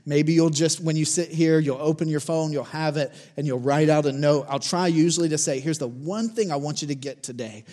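A man in his forties delivers a sermon in a relaxed, conversational way, urging his congregation on and circling back to the same challenges. His voice sits a little high for a man. Its tone stays warm and mellow rather than bright. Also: a little fast, hardly any pauses. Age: 40s. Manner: conversational, encouraging, repeats challenges. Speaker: pastor.

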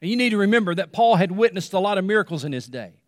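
Man, pastor, sermon, higher-pitched voice, long reverb, hushed dramatic drops, repetition. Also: lively intonation, studio quality. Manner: dramatic pauses, repetition, drops to a hush on key words.

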